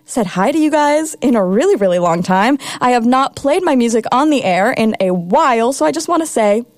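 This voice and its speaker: A woman's voice: on the high side, lively intonation, a little fast, no room sound. A young woman in her twenties hosting her college radio show, talking in a bubbly, emotional, rambling way. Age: 20s. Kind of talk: casual radio talk. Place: radio studio.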